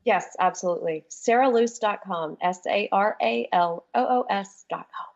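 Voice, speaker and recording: A woman's voice: medium pitch, moderate pace, creaky, dull audio. A woman coach talking enthusiastically in a casual radio interview, speeding up and then stretching words out. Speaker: guest, transformation coach.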